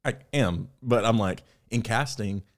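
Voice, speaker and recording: A young man, an actor, talking candidly in an interview, telling his story in a reflective, animated way. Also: fairly low pitch, measured pace. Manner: candid, reflective, animated when quoting himself. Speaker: actor and podcast guest.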